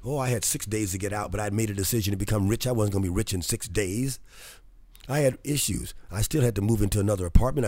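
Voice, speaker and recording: A man hosting a radio talk show, moving from a motivational monologue into excitable, chatty banter with frequent laughter. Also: fairly low pitch, no room sound.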